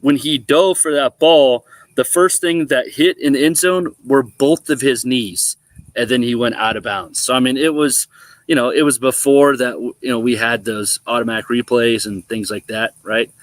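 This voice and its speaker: A man's voice: medium pitch, normal speed, no echo. A middle-aged man, a former college quarterback and now a guest on a sports talk show, telling stories casually and acting out the quotes. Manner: animated storyteller, acts out quotes.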